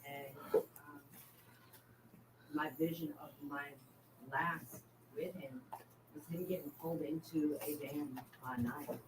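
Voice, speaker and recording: A woman in a recovery support group, sharing her family story haltingly, with pauses. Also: sits low, fairly even intonation, darkish tone, reverberant, a little hiss or hum, low-quality recording.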